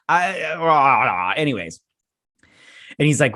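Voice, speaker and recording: A man with a middle-pitched voice gives a casual spoken review, sarcastic and mocking throughout. He laughs often and pads his talk with fillers. The recording is dry and close. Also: animated, moderate pace, fairly bright tone, no echo. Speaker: YouTube host reviewing a TV episode.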